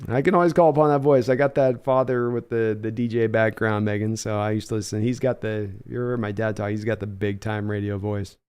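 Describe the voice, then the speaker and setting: A man hosting a live stream reaction to a baseball game. He calls the plays with excitement and chats casually while reading messages from his viewers. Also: fairly low pitch, fairly quick, few pauses, smooth. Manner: excitable home run calls, chatty while reading chat. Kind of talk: casual live play-by-play and chat.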